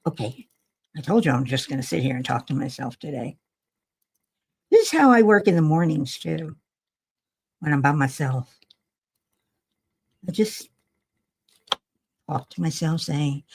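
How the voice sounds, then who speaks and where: An older woman hosts a livestream from home, crafting while she rambles wryly to herself, tired and yawning, in a chatty way. Her low voice has vocal fry and a breathy edge, with a measured pace and long pauses.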